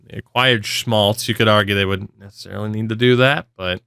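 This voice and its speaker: Here the same kind of gaming creator, a young man, gives loose, offhand play-by-play of a hockey game with some swearing, yawning and hiccuping as he goes. He speaks briskly in a lowish, gravelly, sharp voice with fairly even intonation. The audio is clean, studio quality, with no room sound.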